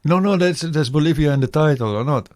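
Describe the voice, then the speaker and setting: A male radio co-host in casual studio chat, rambling and musing in halting bursts with repeated words. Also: on the high side, darkish tone, no echo. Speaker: radio co-host reviewing music releases.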